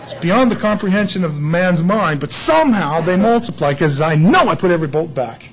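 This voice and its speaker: A man's voice: high-pitched, lively intonation, a little fast, a little hiss or hum, poor audio. A man preaching a sermon in church, a folksy and joking storyteller. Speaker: pastor.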